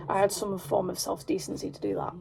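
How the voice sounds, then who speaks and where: A woman's voice: mid-range voice, quick pace, vocal fry, a crowd in the background, rough recording. Rambling young English woman telling a story. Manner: rambling, animated, peppered with "like". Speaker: vlogger. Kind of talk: casual storytime chat.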